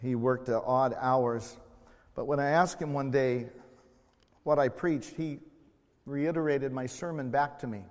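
Slow emotional preacher in a reverberant hall. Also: male voice, medium pitch, steady tone. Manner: slow, emotional preaching with dramatic swells and quiet passages. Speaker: pastor. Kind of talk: sermon. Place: church sanctuary.

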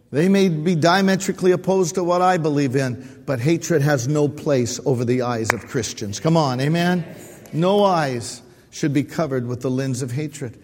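Male pastor, sermon with amens and shouted peaks, long hall reverb. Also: medium pitch. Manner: preaching with call-and-response amens, rising to shouts.

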